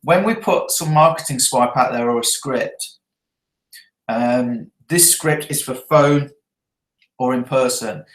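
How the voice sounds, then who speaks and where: A man's voice: mid-range voice, slow, echoey room, rough recording. A man who trains network marketers, talking through his event notes earnestly and often checking in with his listeners. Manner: earnest, checks in with a frequent tag question.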